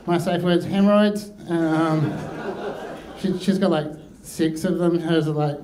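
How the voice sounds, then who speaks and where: Man, stand-up comedian, hesitant, deadpan, monotone, slightly high voice. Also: a little slow, a crowd in the background, rough recording. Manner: hesitant, deadpan, full of ums. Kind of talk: stand-up routine.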